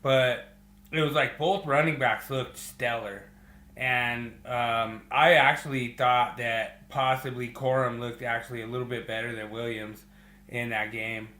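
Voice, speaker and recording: Bright voiced dude chatting football casually, lots of ums, echoey room. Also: male voice, mid-range voice, measured pace. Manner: relaxed, with many fillers. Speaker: podcast host. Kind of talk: casual chat.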